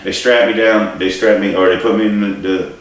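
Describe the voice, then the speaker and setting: A man telling a personal story in a rambling, halting way, swearing and laughing at himself. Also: fairly low pitch, fairly even intonation. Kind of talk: casual storytelling. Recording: distant mic in a very echoey room.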